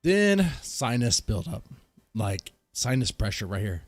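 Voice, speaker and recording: A man's voice: mid-range voice, very animated, unhurried, no room sound. A man hosting his own vlog, rambling and joking through a casual rant with a stuffed-up nose, short of breath, coughing and sighing in his home garage studio. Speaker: vlogger host. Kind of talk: casual ranting storytime.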